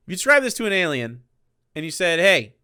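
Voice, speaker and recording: Smooth-voiced sarcastic male streamer. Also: high voice, quick pace, dry recording, clean studio sound. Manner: sarcastic, rambling, animated. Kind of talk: casual live-stream commentary.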